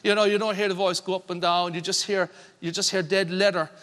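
High, bright-voiced preacher in a hall. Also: male voice, flat delivery. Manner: earnest, reads scripture slowly with emphasis. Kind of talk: sermon.

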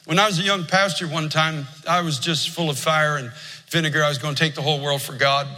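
An older male pastor preaches in an earnest, storytelling way, his voice pitched high and strikingly sharp and bright. A long reverb rings around him, as in a large church sanctuary. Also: fairly even intonation, quick pace. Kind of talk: sermon.

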